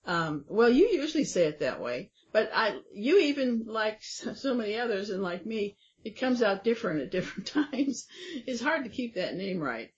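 A woman's voice: mid-range voice, big pitch swings, normal speed. Chatty woman hosting an interview. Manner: chatty, reads quotes aloud, frequent fillers. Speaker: interview host. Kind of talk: conversational interview. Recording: dull lo-fi audio.

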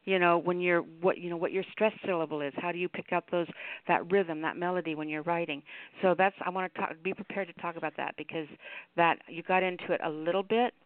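High-voiced chatty man on a phone line. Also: fairly even intonation, fairly quick, clean tone, no room sound. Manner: rambling, loose, chatty. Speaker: radio show host. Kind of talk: casual on-air chat. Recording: tinny phone-line sound.

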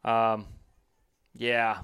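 Gravelly-voiced man hosting a sports podcast. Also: lowish voice, monotone, drawn-out words, a bit bright. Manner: loose, joking, rambling. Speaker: podcast host. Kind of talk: casual sports chat.

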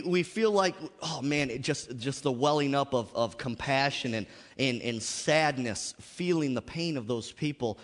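Animated preacher man in a reverberant church. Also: on the high side. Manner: call-and-response, frequent "Amen?" and "How many of you know". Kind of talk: sermon. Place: church sanctuary.

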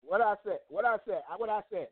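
A man's voice: sits high, expressive, fast, no room sound. A man hosting a heated call-in show, cursing, repeating himself and arguing with the racers on the line. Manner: profane, repeats himself, argumentative. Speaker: host taking racers' calls. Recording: phone-line audio with chatter behind.

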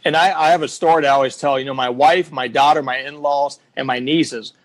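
A man's voice: mid-range voice, fairly even intonation, brisk, dry recording. A middle-aged man, a guest telling stories in a blunt, emphatic way and repeating himself for effect. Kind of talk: casual storytelling.

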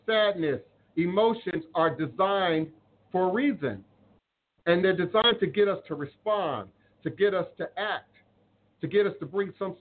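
A man hosting a spiritual live stream, talking earnestly and preachily to viewers, reading their comments and repeating phrases for emphasis. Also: high-pitched. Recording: phone-like audio with faint noise.

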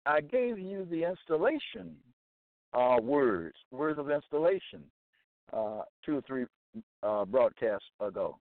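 A man's voice: a little high, sing-song, measured pace, no echo. A man hosting a religious broadcast, preaching on Bible passages in an emphatic, repetitive way and checking in with "okay?". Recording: tinny phone-line sound, dry.

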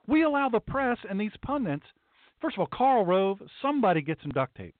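Emphatic preacher-host on a thin phone line. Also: male voice, high voice, big pitch swings, a little fast, no room sound. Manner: emphatic, preachy, repeats lines for punch. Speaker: pastor and talk show host. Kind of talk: opinionated talk show monologue. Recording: tinny, dry phone-like sound.

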